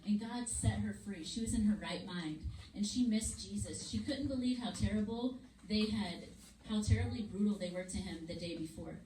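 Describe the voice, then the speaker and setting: A woman teaching a Bible story lesson to children in a church classroom, with an animated storytelling manner. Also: mid-range voice, normal speed. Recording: echoey room, far mic, noisy.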